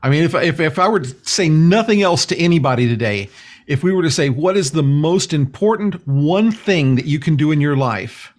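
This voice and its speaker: In a relaxed, conversational interview, a guest healer with a fairly high voice speaks earnestly at a moderate pace. He meanders, restarting often and leaning on "you know" as he gathers his thoughts.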